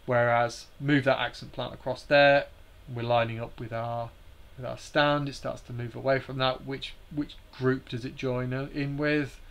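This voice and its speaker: A man's voice: mid-range voice, flat delivery, measured pace, hardly any pauses, a bit bright. A man hosting a live stream, explaining slides in a hesitant way with many fillers and restarts.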